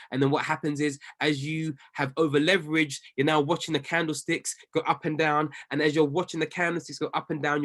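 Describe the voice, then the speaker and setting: Guy coaching traders, kinda high voice, acts out the panic, lively and loud. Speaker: trading coach. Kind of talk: live-streamed motivational talk.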